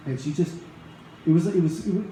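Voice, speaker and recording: A middle-aged man tells a personal story to a live crowd, rambling and conversational, full of restarts and asides. His voice sits a bit high but sounds mellow and warm. The room around him is very echoey, with a faint hum of ambience underneath. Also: normal speed.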